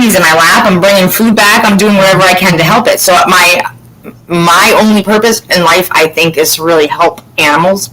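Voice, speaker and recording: Bright-voiced rambling woman host. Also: lowish voice, fast, slight background noise, rough recording. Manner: rambling, candid, swears freely. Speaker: podcast host. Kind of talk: casual chat.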